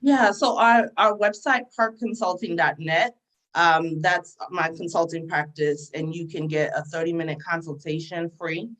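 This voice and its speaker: A woman's voice: fairly low pitch, fairly even intonation, moderate pace, fairly bright tone, poor audio. A woman from Sierra Leone with an American accent, answering interview questions in an earnest, conversational way. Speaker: guest entrepreneur.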